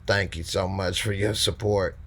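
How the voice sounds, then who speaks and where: A man hosting a live call-in stream in a relaxed, slangy way, reading out and answering viewer comments. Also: low-pitched, moderate pace, slight background noise. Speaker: host of a live call-in show. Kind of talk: casual live-stream chat.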